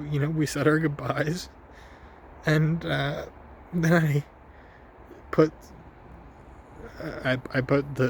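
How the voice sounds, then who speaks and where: Man, mid pitch, slow and halting delivery, personal journal vlog, faint background noise. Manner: halting, slow, emotional storytelling with many restarts. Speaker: vlogger. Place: outdoors with his dog.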